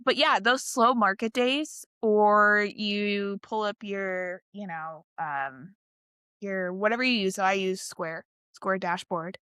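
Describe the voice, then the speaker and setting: A woman's voice: medium pitch, slow, bright, forceful tone, clean tone, no echo. A woman co-hosting a podcast in casual chat, blunt and emphatic, often tagging her points with "right?" and swearing freely. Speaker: podcast co-host and full-time small business owner.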